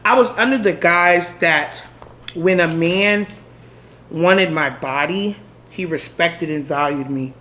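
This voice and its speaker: A woman vlogger telling a story in while doing her makeup, laughing and acting out the quotes in high voices. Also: slow, fairly bright tone, slight background noise. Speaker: beauty vlogger.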